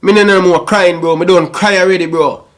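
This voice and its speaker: A young Jamaican man with a very high voice delivers a heated, repetitive rant, speaking in thick Patois. He keeps punctuating his sentences with "bro" and "brother". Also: steady tone, fairly quick. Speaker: YouTube football commentator. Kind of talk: emotional rant to camera.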